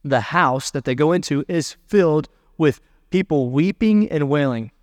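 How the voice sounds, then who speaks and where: A man's voice: on the high side, animated, darkish tone, dry recording. Man preaching a conversational sermon. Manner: conversational preaching, reading scripture aloud with pauses. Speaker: pastor.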